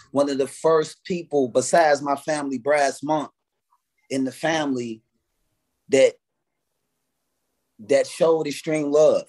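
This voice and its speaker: A man's voice: fairly high pitch, darkish tone. A man, a guest artist telling stories in a casual interview, swearing freely and acting out his own past reactions. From United States.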